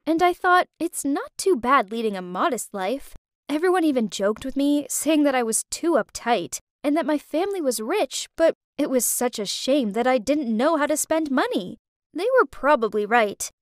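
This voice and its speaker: Young woman telling a drama story, high and lively, dry recording. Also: normal speed, no echo. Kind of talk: first-person story narration.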